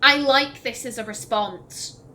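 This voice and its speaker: A woman's voice: on the high side, slight background noise, rough recording. A woman hosting a let's play, reading in-game poems and letters aloud and chatting emotionally between them. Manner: emotional, reads verse gently, then chats with quick laughing asides. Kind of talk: reading in-game texts aloud with casual commentary.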